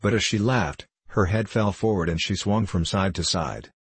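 Deep husky male audiobook narrator. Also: normal speed, no room sound. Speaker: audiobook reader. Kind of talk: scripted narration.

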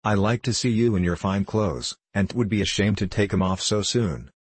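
A man's voice: on the low side, normal speed, slightly rough, no room sound. A man doing a meek, folksy old sea captain. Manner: folksy rustic drawl with dropped endings.

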